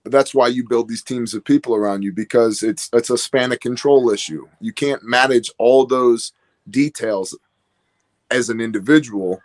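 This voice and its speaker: A man's voice: mid-range voice, moderate pace. A man on a casual livestream talk, telling loose stories about his team with lots of quoted asides and fillers. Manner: candid, rambling storyteller with quoted asides. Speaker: guest business owner.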